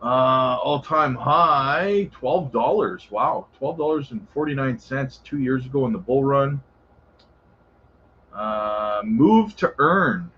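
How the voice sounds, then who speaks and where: A man's voice: mid-range voice, lively intonation, slow, muffled recording, slight background noise. A man hosting a casual crypto livestream, answering viewer questions in a laid-back, chummy way and calling viewers brother. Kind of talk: casual live chat reading viewer questions.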